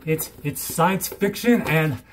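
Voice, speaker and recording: A man's voice: a little high, slow pace. Hyper, giddy young man vlogging at home. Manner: giddy, rambling, bursts of shouting and silly sounds. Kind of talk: hyper casual vlog.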